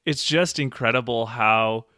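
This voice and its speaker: Laughing, animated man in podcast chat. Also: medium pitch, measured pace, no room sound, clean studio sound. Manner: animated, laughs often, acts out quotes. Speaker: podcast co-host.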